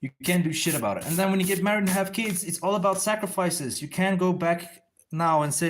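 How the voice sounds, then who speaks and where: A man's voice: high-pitched, quick pace, a little hiss or hum. Rambling, swearing man at a drawing desk. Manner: loose, profane, thinks aloud and answers viewers. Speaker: comic artist streaming while drawing. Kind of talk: casual rambling livestream chat.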